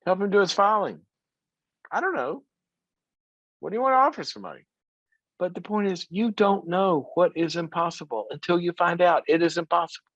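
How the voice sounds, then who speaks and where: A man telling a story in a motivational talk, animated, laughing often and repeating words as he goes. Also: high voice, dry recording. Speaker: psychologist and speaker. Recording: dry, slightly dull sound.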